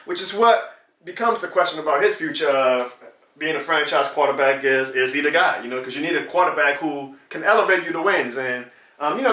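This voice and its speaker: A man's voice: fairly high pitch, bright, forceful tone, echoey room, distant mic. A man hosting a sports reaction channel, venting in a casual, exasperated and sarcastic rant. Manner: exasperated, sarcastic, mocks rival fans in put-on voices.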